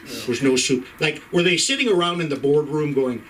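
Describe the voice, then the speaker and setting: A middle-aged male comedian from Ireland, brash and profane, tripping over his own restarts as he works the crowd. His voice sits fairly high and swings widely, with a bright, sharp edge. He is picked up from a distance on a club stage, with faint room ambience behind him. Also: lively intonation, fairly quick, slight background noise. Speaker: stand-up comedian and host. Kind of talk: stand-up comedy set.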